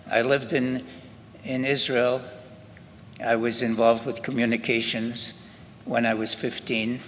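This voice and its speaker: Older scottish guy telling his story slow, lots of pauses, bright voice, echoey hall with faint noise. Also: medium pitch. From Scotland. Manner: slow, halting storytelling with many pauses and restarts. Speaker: Holocaust survivor giving testimony. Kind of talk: spoken testimony to an audience. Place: synagogue hall.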